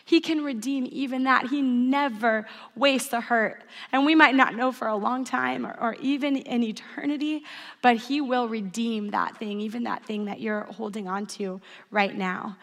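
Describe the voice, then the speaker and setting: A woman's voice: a little high, fairly even intonation, normal speed, a bit bright. A woman in her thirties giving an earnest sermon, telling stories and leading call-and-response. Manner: earnest, storytelling, leads the audience in call-and-response. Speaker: speaker at a church service. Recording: long hall reverb.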